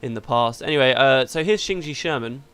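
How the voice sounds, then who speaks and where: A man's voice: mid-range voice, a little fast, fairly bright tone, clear, resonant tone. A man hosting a let's play, chatting casually through the game and laughing easily.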